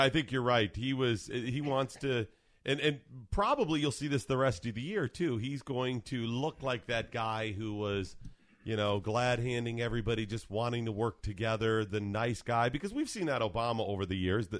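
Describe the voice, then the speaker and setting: A man's voice: mid-range voice, moderate pace, no room sound. An easygoing man co-hosting political talk radio, with a mid-range voice. He chats loosely and reads out listener posts, recorded on a close, dry studio mic. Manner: easygoing, reads listener tweets and phone numbers. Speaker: radio co-host.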